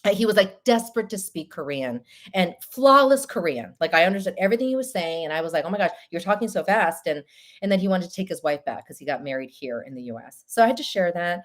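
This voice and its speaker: A woman hosting a live stream show, telling stories in a chatty, animated way. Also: fairly low pitch, fast. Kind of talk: casual live-stream chat.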